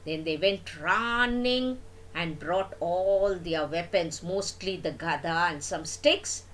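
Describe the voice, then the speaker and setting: Older lady telling the kids a story, asks them questions, mid-pitch. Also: slow pace, slight background noise, rough recording. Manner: asks the listeners questions, animated. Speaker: storyteller grandmother. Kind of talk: storytelling for children.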